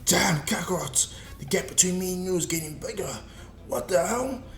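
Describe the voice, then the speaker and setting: A man's voice: high voice, normal speed, a bit bright, pitched above the performer's own voice. Man doing a proud, grudging warrior prince. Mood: awed. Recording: echoey room, faint music.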